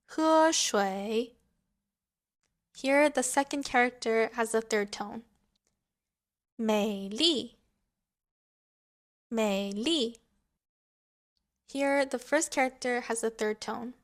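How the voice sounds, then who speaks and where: A woman teaching a language lesson, speaking in a slow, scripted way and carefully modeling each example word. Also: sits high, fairly bright tone.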